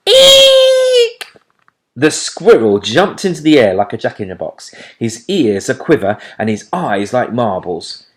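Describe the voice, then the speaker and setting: A man reading a children's storybook aloud in an expressive, lilting manner. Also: fairly low pitch.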